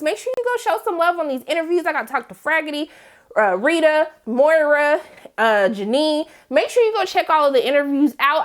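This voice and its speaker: A woman reviewing a TV episode in a casual vlog, talking in an animated, emphatic and slangy way. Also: sits high. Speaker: TV recap reviewer.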